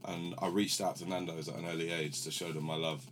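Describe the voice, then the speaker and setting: Young male podcast host, low-voiced, rambling, sweary storyteller. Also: flat delivery, quick pace, music in the background. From London, England. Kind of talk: casual banter.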